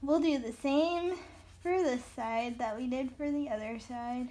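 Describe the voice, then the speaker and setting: Southern woman in her 30s, slow easy talk, lots of little laughs while she colors. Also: high voice, warm tone, a little hiss or hum. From American South. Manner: chatty, giggly, slow-paced. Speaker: coloring video host. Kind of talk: casual chat while coloring.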